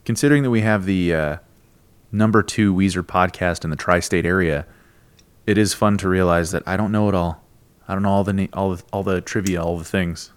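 A man's voice: low voice, fairly even intonation, fairly quick, clear, resonant tone, no room sound. A man co-hosting a podcast in casual chat, dry and understated. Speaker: podcast co-host.

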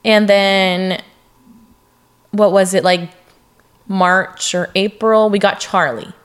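A woman's voice: medium pitch, fairly even intonation, slow pace. A young woman co-hosting a podcast, talking casually and working through her thoughts with fillers and follow-up questions. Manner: chatty, asks follow-up questions, talks things through with fillers. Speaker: podcast co-host. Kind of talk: casual chat.

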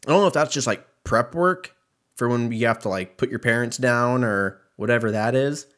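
A man's voice: mid-range voice, normal speed, fairly bright tone. Rambling, profane young man. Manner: profane, rambling, self-mocking. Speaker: podcast host. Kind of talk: casual solo podcast rant.

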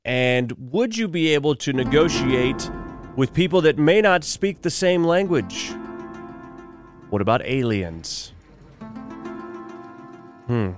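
A man's voice: mid-range voice, big pitch swings, takes it slowly, pauses often, music in the background. A man hosting a morning radio show, chatting wryly through news items with offhand asides. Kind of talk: solo talk radio monologue.

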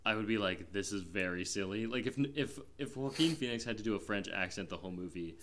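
A man's voice: on the low side, quick pace, fairly bright tone, a little hiss or hum. A man co-hosting a film podcast, chatting casually and rambling with lots of fillers. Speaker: podcast co-host, film reviewer. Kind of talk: casual chat.

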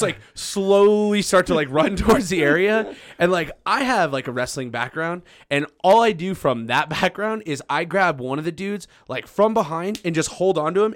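A man in his twenties, a podcast host, telling a story casually, laughing and loudly acting out what people said. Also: a little high, dry recording, clean studio sound. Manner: animated, laughing, acts out quotes loudly.

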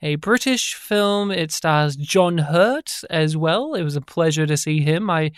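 A man's voice: on the high side, expressive, unhurried, clear, resonant tone, dry recording, studio quality. A man, co-hosting a podcast in a jokey, rambling way. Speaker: podcast co-host. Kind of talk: casual chat.

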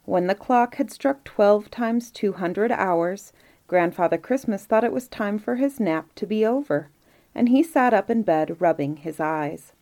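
A woman reading a fairy tale aloud as storyteller, calm and measured. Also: medium pitch.

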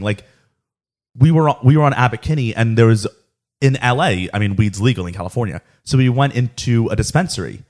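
A young man chatting casually on a family podcast. He sounds relaxed and easygoing, with a loose, rambling delivery full of fillers. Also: medium pitch, brisk. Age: young adult. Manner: laid-back, full of "like" fillers. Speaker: son and co-host.

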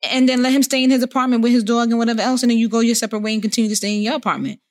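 A man's voice: very high voice, fairly even intonation, rapid-fire. A man co-hosting a podcast, making his point earnestly and repeating himself in casual chat. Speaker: podcast co-host.

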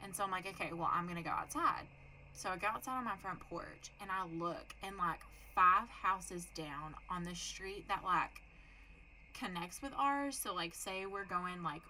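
A woman's voice: on the low side, normal speed, slight background noise, low-quality recording. A young adult woman co-hosting a podcast, telling a story in casual, profane chat and acting out the people in it. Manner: animated, profane, acts out voices in her story. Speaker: podcast co-host.

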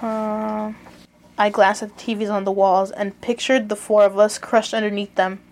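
A woman's voice: medium pitch, little pitch movement, normal speed, a little mellow. A young woman co-hosting a casual podcast, reading a story aloud and chatting with her siblings. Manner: reads aloud plainly, giggly in banter.

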